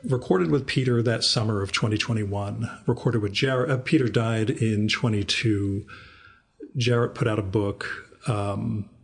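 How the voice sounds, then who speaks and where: A man's voice: lowish voice, unhurried, gravelly, breathy edge. A man in his fifties hosting a podcast, telling rambling, wry anecdotes in a casual interview. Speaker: podcast host.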